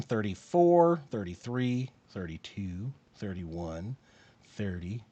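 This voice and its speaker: A man calling a football game play by play on his live stream, rising with excitement on big plays and dropping to quiet muttered asides. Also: medium pitch, moderate pace, dry recording. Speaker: streamer and sports commentator.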